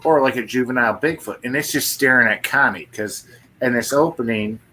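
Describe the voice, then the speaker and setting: A man's voice: mid-range voice, a little fast, bright, forceful tone, a little hiss or hum. A man co-hosting a live stream, chatting casually and eagerly telling a story of his own. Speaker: co-host of a live paranormal show.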